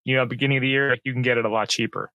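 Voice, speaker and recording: A man with a medium-pitched voice talks rapid-fire; the audio is dull but has no echo. As a podcast co-host in casual chat, he's animated and opinionated about ski passes and resorts, clearly enthusiastic about skiing.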